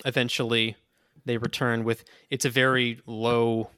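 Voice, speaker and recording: A man running a tabletop game, narrating and explaining the rules in a loose, rambling way. His voice is bright and forceful, recorded close and dry. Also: mid-range voice, level tone, a little slow, clear, resonant tone, no echo. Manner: casual, rambling with fillers. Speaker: game master.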